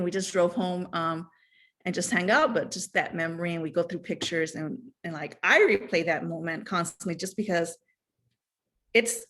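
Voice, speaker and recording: A woman in her thirties or forties telling a personal story in a chatty, animated way, full of fillers and asides. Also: on the low side. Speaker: guest sharing fan memories. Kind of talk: casual storytelling chat.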